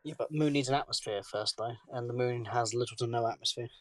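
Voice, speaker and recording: A man, reading a news story aloud on a podcast in a plain, steady way. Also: medium pitch, fast, no echo, studio quality. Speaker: podcast co-host.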